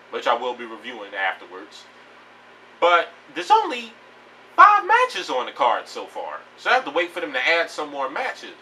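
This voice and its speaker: A man rants bluntly and profanely about wrestling, his voice high-ish and bright, bouncing around in pitch. He rambles and restarts his sentences. He sits a bit back from the mic, with a faint hiss of noise behind him. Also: distant mic, poor audio. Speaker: wrestling vlogger. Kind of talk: casual opinion rant.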